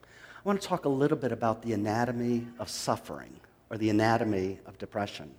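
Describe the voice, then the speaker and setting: A man preaching a sermon, reading a psalm dramatically and swinging from loud to hushed. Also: on the low side, animated, a little fast, big-room sound. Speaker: pastor.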